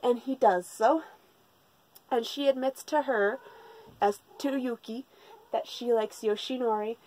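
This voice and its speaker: A woman's voice: on the high side, measured pace, a little mellow, rough recording. A woman recapping a manga in a casual, rambling way, sarcastic and full of swearing. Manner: sarcastic and profane, rambling with restarts. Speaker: manga reviewer.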